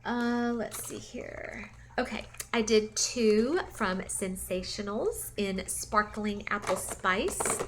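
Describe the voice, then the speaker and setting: A woman's voice: medium pitch, slow, a bit bright, slight background noise. A woman hosting a casual review chat, gushing to her viewers with lots of fillers. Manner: chatty and gushing, many fillers, talks straight to viewers. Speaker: candle and wax melt channel host.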